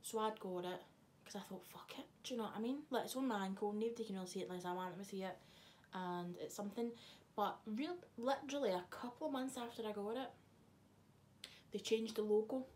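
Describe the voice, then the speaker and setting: A young woman talks casually to her camera, chatty and loose with her swearing. Her voice sits at a middling pitch, with a faint hiss of noise behind her. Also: fairly quick, darkish tone. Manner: chatty, swears freely, teasing asides. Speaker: vlogger. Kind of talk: casual chat.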